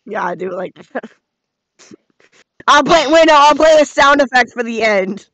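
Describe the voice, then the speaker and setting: A man's voice: very high voice, lively intonation, moderate pace, pushed and bright, no echo. A young man in casual chat, amused and egging his friend on to make prank calls. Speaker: friend and co-host. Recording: dull lo-fi audio.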